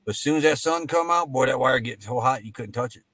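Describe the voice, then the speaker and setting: A man's voice: mid-range voice, fast, a bit bright, no room sound. Folksy man telling a shop story. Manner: folksy storyteller, acts out dialogue. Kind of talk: casual chat.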